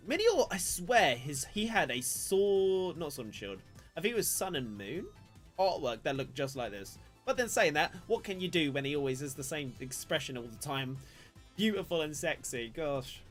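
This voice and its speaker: Young man, higher-pitched voice, rambling chatty stream talk, faint music underneath. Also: fairly bright tone. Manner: rambling, chatty, self-deprecating, talks to chat. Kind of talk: casual live-stream card opening commentary. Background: faint background music.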